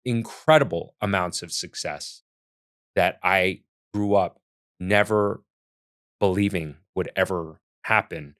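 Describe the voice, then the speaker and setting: An American man in his forties, a chef giving casual, earnest reaction commentary with frequent restarts. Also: on the low side. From United States.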